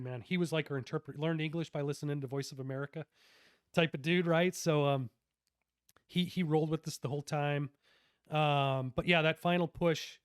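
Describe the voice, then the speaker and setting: A man's voice: a little high, smooth, no echo, clean studio sound. A middle-aged man, a retired army officer, recounts his combat deployments as a podcast guest in a laid-back, slangy way, full of fillers and restarts. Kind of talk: casual war storytelling in an interview.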